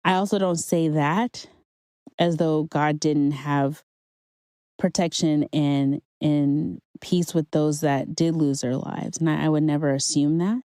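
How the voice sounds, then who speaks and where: Speaking slowly with a deep, warm voice and fairly even intonation, a podcast host shares a personal faith testimony. She is earnest and conversational, encouraging those listening, and the recording is dry.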